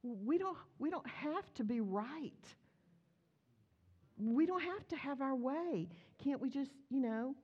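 A woman's voice: high-pitched, slow, lo-fi sound. A woman preaching a chatty, storytelling sermon in church, acting out the dialogue as she goes. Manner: animated, chatty, acts out dialogue.

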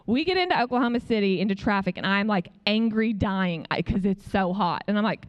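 A woman preaching in a conversational way, telling a personal testimony as an animated story and acting out what other people said. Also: medium pitch, fairly quick, hardly any pauses, clean tone, dull audio. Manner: frequent "like" fillers. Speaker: speaker sharing a testimony.

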